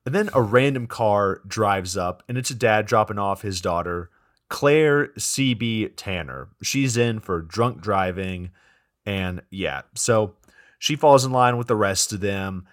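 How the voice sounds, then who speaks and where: A man's voice: lowish voice, unhurried. A man co-hosting a podcast, recapping a movie plot in casual banter, amused and incredulous. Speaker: podcast co-host.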